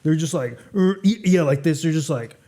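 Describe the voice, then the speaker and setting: A man teaching English phrasal verbs in a casual video lesson, chatty and repeating phrases slowly for learners. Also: on the high side, dark tone.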